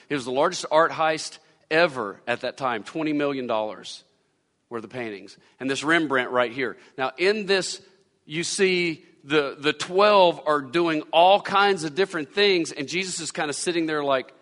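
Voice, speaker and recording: A man's voice: medium pitch, fairly bright tone. A man preaching a sermon as pastor, repeating phrases for emphasis. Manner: preaching with repetition and rising emphasis. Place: church sanctuary. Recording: long church-hall reverb.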